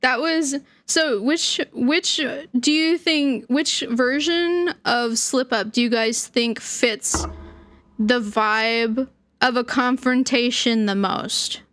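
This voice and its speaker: A woman's voice: fairly high pitch, takes it slowly, a bit bright, dry recording. A young woman streamer chatting casually, giggling often and trailing off mid-sentence. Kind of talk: casual livestream chat.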